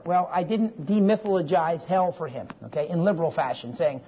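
A man's voice: a little high, brisk, few pauses, slightly rough. A man in his forties teaching a Bible class, telling a family story in a folksy, digressive way and often checking in with his listeners. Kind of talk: classroom lecture with personal story. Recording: dull lo-fi recording with faint hiss.

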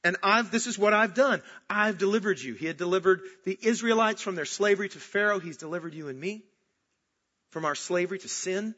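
A man preaching a sermon, emphatic, swinging from loud outbursts to slow, hushed stresses. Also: high voice. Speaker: pastor. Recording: dull lo-fi recording.

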